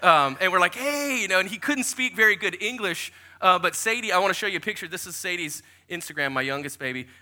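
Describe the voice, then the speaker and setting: A man in his forties, a pastor giving a sermon full of lively, joking personal stories. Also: high voice, fast talker, few pauses. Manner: animated, jokey storyteller who acts out quotes.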